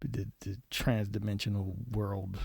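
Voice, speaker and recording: Man telling a painful story, halting. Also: level tone, gravelly, husky, no echo, clean studio sound. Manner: halting, repeats words, voice drops low and soft. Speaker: podcast guest. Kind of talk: emotional personal storytelling.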